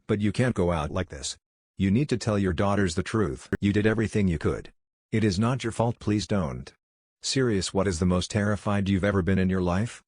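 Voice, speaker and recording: Male narrator, very low voice, dry close sound, even delivery for post read-outs. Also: dry recording. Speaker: narrator reading forum posts. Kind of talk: scripted narration.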